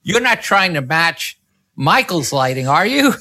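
A woman's voice: fairly low pitch, sing-song, a little slow, sharp tone, pitched above the performer's own voice, exaggerated voice. A man putting on the voice of a blunt, profane woman film editor who scolds him on the phone. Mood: scolding. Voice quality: curt and profane.

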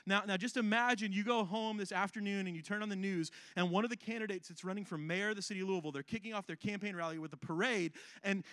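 A man's voice: high-pitched, fairly bright tone, dry recording. A male pastor preaching a sermon in a conversational, humorous way, reading scripture and often checking in with his listeners.

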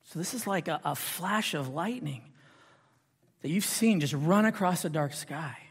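A man's voice: on the high side, animated, measured pace, slightly rough. Man preaching in a reverberant hall. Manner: preaching with rhetorical questions and swells of intensity. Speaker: pastor. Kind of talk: sermon.

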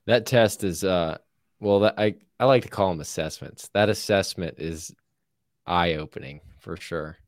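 Very deep-voiced man, chatty and laughing. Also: measured pace, dry recording, studio quality. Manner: laughs easily, rambling, says "you know what I mean?". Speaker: podcast co-host. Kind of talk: casual conversation.

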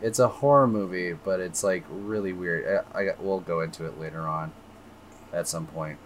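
A man's voice: sits low, normal speed, slight background noise. A man co-hosting a podcast in easygoing, agreeable casual chat with loose fillers. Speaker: podcast co-host.

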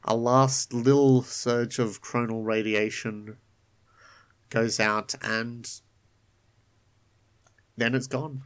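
A man running a tabletop game, narrating scenes in a calm, descriptive way. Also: medium pitch. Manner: unhurried, descriptive. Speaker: game master.

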